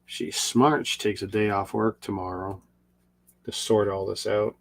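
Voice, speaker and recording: A man's voice: on the low side, fairly even intonation, a little slow, vocal fry, background noise. A middle-aged man casually telling a long, rambling personal story with restarts and repeats. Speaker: video creator.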